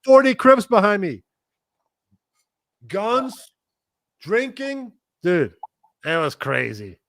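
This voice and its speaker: A middle-aged man, a guest musician, telling stories in casual chat. He is animated, swears freely and acts out other people's lines. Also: high voice, slow pace, dry recording.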